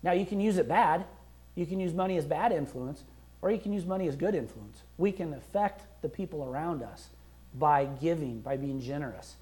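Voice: medium pitch, moderate pace, darkish tone. A pastor preaching a sermon in a conversational, emphatic way, acting out prayers and quotes as he goes. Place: church.

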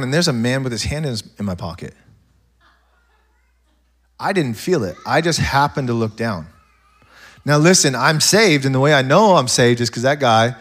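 Guy preaching a sermon, mid voice, goes soft then booms, rambly story bits. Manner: animated preaching, swings from quiet asides to loud bursts; loose storytelling with restarts and laughs. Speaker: pastor.

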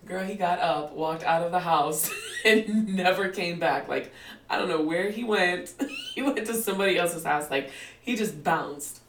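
A woman's voice: fairly low pitch, moderate pace, a little hiss or hum. A woman in her forties telling her life story in a candid interview, laughing often and acting out what people said. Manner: animated storyteller, laughs often, acts out quotes. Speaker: guest. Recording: roomy, distant mic with faint ambience.

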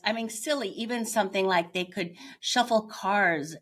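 A middle-aged woman, a podcast guest, telling her own story in a candid, reflective way and pausing often as she searches for words. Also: medium pitch, a bit bright. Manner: candid, searching, with frequent pauses.

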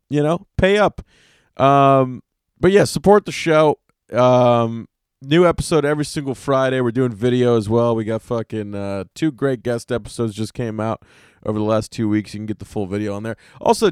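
A man's voice: mid-range voice, clean tone, no room sound, clean studio sound. A man hosting a solo podcast, talking in a casual, rambling and exasperated way, full of swearing. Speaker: podcast host.

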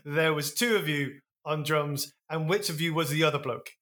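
A man's voice: a little high, moderate pace, a bit bright. A man hosting a podcast, prompting his guest with questions and laughing along. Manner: prompting, easily amused. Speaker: podcast host. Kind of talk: casual interview chat.

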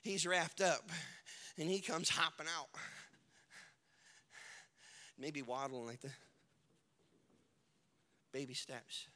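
A male pastor preaching a sermon, retelling scripture scenes with animated storytelling and building to shouted climaxes. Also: fairly high pitch, takes it slowly, long pauses, long reverb tail.

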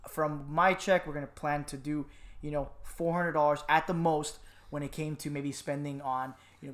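A man co-hosting a casual chat podcast, telling stories with animated voices for the people in them. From Miami. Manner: animated storyteller, acts out voices with big pitch jumps. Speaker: podcast co-host.

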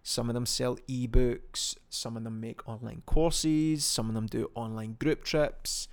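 Gravelly Scottish man chatting casually. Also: mid-range voice, steady tone, unhurried. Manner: chatty and rambling, lots of ums and self-corrections. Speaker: podcast host. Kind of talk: casual solo podcast chat.

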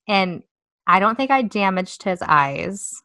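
Woman, 30s, co-host; bright tone, dry close sound, animated storyteller. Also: medium pitch, slow, no room sound. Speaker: podcast co-host. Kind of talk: casual storytelling chat.

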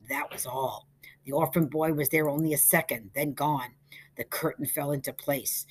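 A woman reads a spooky short story aloud with dramatic, expressive pacing. Her voice is fairly low, husky and breathy. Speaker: narrator.

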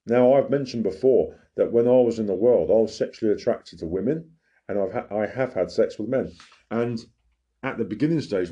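A man with a very low, dark, mellow voice preaches in an earnest, emphatic way. He keeps checking in with the listener as he talks. The recording sounds dull and lo-fi. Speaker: lay preacher giving testimony. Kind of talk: informal preaching.

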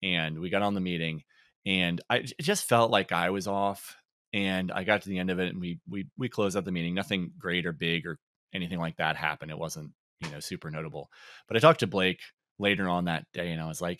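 A man co-hosting a podcast in casual chat, relaxed and reflective, with frequent ums and laughs. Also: deep voice, fairly quick, dry recording, studio quality. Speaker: podcast co-host.

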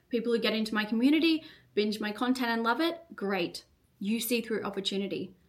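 Speaking in a slightly high voice, a young woman podcast host and business coach delivers a solo motivational monologue. She's fiery and unfiltered, cursing freely and linking her thoughts with fast "like"s.

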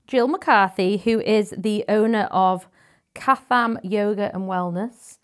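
A woman hosting a podcast from her living room, chatty and quick to laugh. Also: mid-range voice. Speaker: podcast host. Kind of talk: casual chat.

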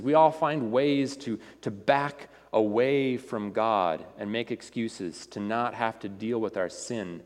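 A man's voice: fairly low pitch, slow pace, few pauses. A man preaching a sermon to a congregation in a conversational way, often repeating words as he goes. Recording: reverberant hall.

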